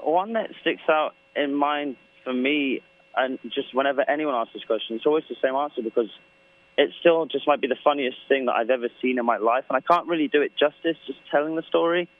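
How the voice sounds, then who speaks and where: A man's voice: mid-range voice, brisk, no room sound, phone-quality sound. A man with an English accent, a musician chatting loosely in an interview, joking and telling rambling stories. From England. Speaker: guest musician. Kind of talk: casual interview chat.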